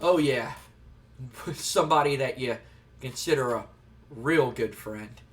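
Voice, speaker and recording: A smug male manager teases and stalls in a sly, drawn-out way, as a man puts him on. His voice sits high and bright, recorded from a distance. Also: very animated, heavily acted. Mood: gloating. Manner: sly, teasing. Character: smug male wrestling manager, teasing and coy.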